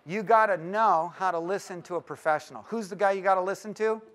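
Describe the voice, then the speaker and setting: A man speaking to church leaders at a conference, lively and joking as he teases the audience. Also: sits high, quick pace. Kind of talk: live talk to an audience.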